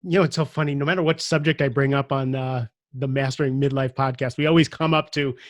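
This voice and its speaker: A man's voice: mid-range voice, fairly even intonation, fast talker, few pauses, no echo, studio quality. A middle-aged man with a Brooklyn accent hosting a podcast, chatty and reflective, with some teasing. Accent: Brooklyn, New York. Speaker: podcast host. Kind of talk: conversational interview hosting.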